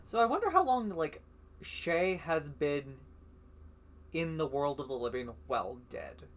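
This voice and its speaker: A man's voice: fairly high pitch, sing-song, unhurried. A man streaming a story game live, talking in a chatty, rambling way with frequent swearing. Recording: guitar music playing underneath.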